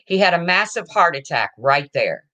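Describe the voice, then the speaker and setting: Woman vlogger, low bright voice, blunt and emotional, talking straight to her viewers. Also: sing-song, normal speed. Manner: frank, emotional, swears casually, asks okay?. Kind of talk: casual storytelling to camera.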